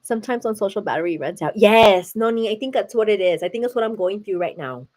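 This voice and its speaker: A woman's voice: medium pitch, animated, fast talker, darkish tone. A young American woman hosting a livestream, chatting casually with viewers and saying "like" and "girl" constantly. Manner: chatty, says "like" and "girl" a lot. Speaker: livestream host. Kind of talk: casual chat with live viewers.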